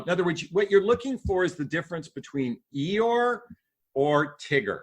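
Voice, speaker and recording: Animated male dating coach. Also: fairly high pitch, normal speed. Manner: animated, acts out sample dialogue in voices. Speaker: dating and relationships coach, guest. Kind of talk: podcast interview advice.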